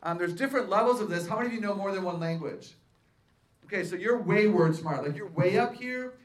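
A woman's voice: medium pitch, fairly quick. A woman and author speaking to a live audience at a faith-based seminar, peppering them with questions and playful self-mocking humor. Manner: lively, quizzes the audience with questions.

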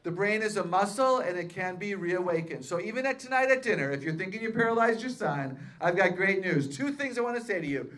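A woman addressing a live audience at a faith-based seminar. She talks in a lively way, keeps asking the crowd questions, and pokes fun at herself. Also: mid-range voice, fairly quick, few pauses. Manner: playful self-mocking humor. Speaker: seminar speaker and author.

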